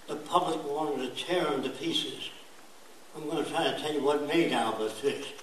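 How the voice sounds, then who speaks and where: Blunt older man in an echoey room. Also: a little high. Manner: blunt, emphatic, mimics accents in quick asides. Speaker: speaker giving a talk. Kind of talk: emphatic lecture. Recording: very echoey room, voice from far off, faint hiss.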